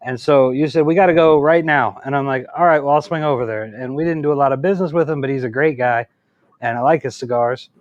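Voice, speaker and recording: A man hosting a casual chat, retelling a shared memory in a quick, friendly way and asking his guest questions. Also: medium pitch, no room sound, highs cut off.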